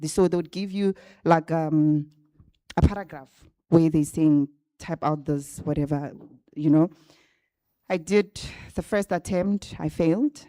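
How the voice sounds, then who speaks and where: A chatty woman tells her story to a live room of graduates, often turning to them with "right?". Her voice is mellow and sits a little low, and the sound is close and dry. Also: moderate pace, no echo. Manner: chatty, addresses the audience directly with frequent "right?". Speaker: guest speaker at a graduate bootcamp. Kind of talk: casual storytelling talk to a live audience. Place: event venue with a live audience. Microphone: handheld or stand microphone.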